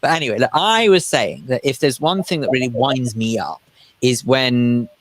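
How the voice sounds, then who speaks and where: A man co-hosting a radio chat show, chatty and teasing, with quick asides. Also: mid-range voice, no room sound. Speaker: radio co-host.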